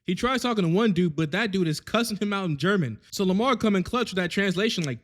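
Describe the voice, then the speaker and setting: A man telling a crude, comedic recap of a show, full of slang and quick character asides. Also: high voice, animated. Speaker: recap host.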